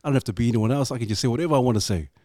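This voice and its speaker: A man's voice: mid-range voice, racing, a little mellow, no room sound, studio quality. A man hosting a podcast. He asks questions with enthusiasm and praises his guest, restarting his phrases as he goes. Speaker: podcast host. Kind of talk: interviewing, casual chat.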